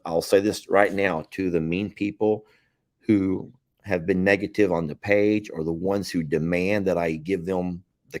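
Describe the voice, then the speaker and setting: A man's voice: low-pitched, darkish tone, no echo, clean studio sound. A man with a Southern American accent, hosting a live stream in a rambling, folksy way and chuckling often. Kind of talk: casual live-stream chat.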